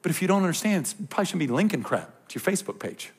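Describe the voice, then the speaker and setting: A male youth pastor in his thirties delivers a passionate sermon with a gravelly, fry-edged voice that sits slightly high for a man. He moves from calm teaching into heated rants and jokes with the listeners. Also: very fast. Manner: impassioned, ranting and joking with the crowd.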